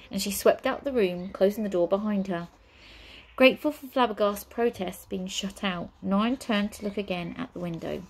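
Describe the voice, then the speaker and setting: A woman reading a children's storybook aloud in a steady, measured way. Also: mid-range voice, gravelly, a little hiss or hum, rough recording. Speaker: audiobook reader. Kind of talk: storybook narration.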